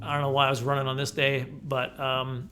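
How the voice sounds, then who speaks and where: A man's voice: mid-range voice, completely flat delivery, a little fast, sharp tone, faint music behind. A man in his forties telling a rambling, self-correcting story to camera, laughing often. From Canada. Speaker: comedian vlogger.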